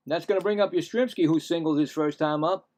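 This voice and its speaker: A man's voice: on the high side, brisk, a little mellow. A middle-aged man giving casual live baseball play-by-play, rambling and correcting himself with chatty asides. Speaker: play-by-play streamer.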